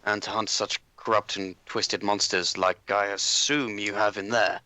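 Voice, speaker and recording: A man playing a tabletop game, lively and playful in character. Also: on the low side, moderate pace, no echo, rough recording. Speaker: player.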